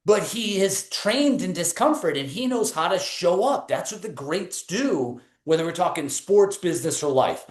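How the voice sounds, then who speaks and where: Energetic New England man coaching. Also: high voice, moderate pace, few pauses, roomy sound. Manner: energetic storytelling, casual fillers. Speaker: performance coach guest. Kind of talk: motivational webinar talk.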